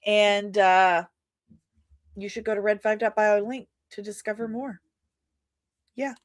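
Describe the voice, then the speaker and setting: A woman's voice: medium pitch, fairly even intonation, unhurried, no room sound, studio quality. A woman hosting a podcast in casual chat, rambling and self-deprecating with many fillers. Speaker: podcast host and comic creator.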